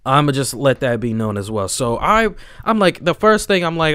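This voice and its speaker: Lively young man telling a story. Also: moderate pace, clear, resonant tone, no echo, studio quality. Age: young adult. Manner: animated, slangy, swings between loud and low. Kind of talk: casual chat, storytelling.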